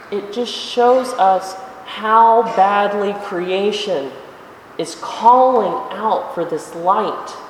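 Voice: mid-range voice, slight background noise. Preacher, conversational sermon, rhetorical questions, church sanctuary, echoey hall, distant mic.

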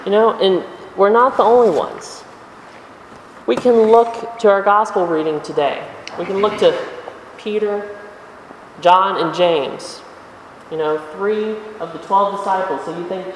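A preacher giving a conversational sermon in a church, asking rhetorical questions and slowing down for emphasis. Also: medium pitch, recorded from a distance, slight background noise. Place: church sanctuary. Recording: echoey hall, voice from afar.

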